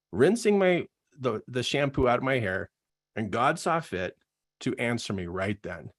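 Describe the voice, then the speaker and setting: A man's voice: medium pitch, a bit bright. A middle-aged man, a coach, giving an earnest, emotional personal testimony in a live online talk and laughing at himself.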